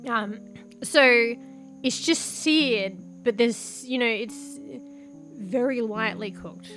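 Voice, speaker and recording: Young woman vtuber rambling on stream, kinda high voice, swears a lot, snacking as she talks. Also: slow, fairly bright tone, soft background music. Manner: chatty, swears casually, laughs often. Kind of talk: casual stream chat while eating. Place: home room with a fan.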